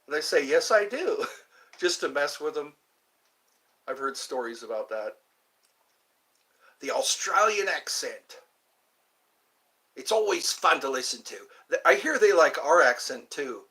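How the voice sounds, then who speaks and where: A man's voice: fairly high pitch, animated, moderate pace, pushed and bright, poor audio. A man in his fifties from the United States, hosting a live stream and chatting in a meandering way, full of asides and restarts. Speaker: livestream host. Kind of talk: rambling live-stream chat.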